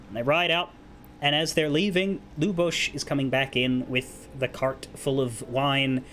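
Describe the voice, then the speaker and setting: A man retelling a story to his stream in a casual, profane, animated way. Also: medium pitch, moderate pace, faint music behind.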